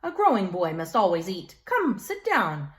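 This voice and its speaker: A woman's voice: mid-range voice, wildly swooping pitch, moderate pace. Woman doing a doting old Polish lady. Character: smiling kindly old Polish woman, kitchen volunteer.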